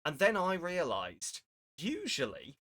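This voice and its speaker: Chatty, bright-voiced streamer man. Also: high-pitched, wildly swooping pitch, takes it slowly. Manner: rambling, self-deprecating, chatty. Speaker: charity streamer. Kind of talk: casual live-stream chat. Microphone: desk microphone.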